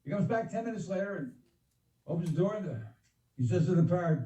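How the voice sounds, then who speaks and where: A man's voice: fairly high pitch, lively intonation, brisk, pauses often, warm tone, roomy sound, recorded from a distance, rough recording. An older man doing stand-up over a video call, rambling and chuckling at his own jokes. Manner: rambling, laughs at his own jokes, acts out voices in a joke. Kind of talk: stand-up joke telling.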